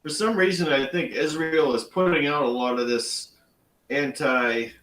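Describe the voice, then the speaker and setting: A man's voice: on the high side, moderate pace, fairly bright tone. Easygoing male guest, roomy and distant. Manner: easygoing, laughs lightly. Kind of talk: casual chat.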